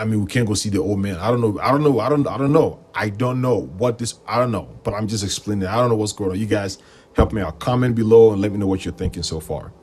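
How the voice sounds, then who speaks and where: Deep-voiced guy rambling through a story on his stream, gets loud when he quotes folks, faint music behind. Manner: animated, rambling, quotes people in raised voices. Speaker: livestream host. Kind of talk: casual storytelling on a livestream.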